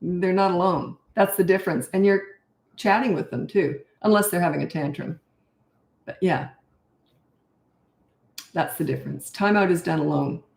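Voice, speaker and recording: An older Canadian woman, a parenting coach, chats casually on a live stream, telling rambling stories and laughing often. Her fairly low, darkish voice has vocal fry, moves at normal speed with frequent pauses, and carries a roomy echo.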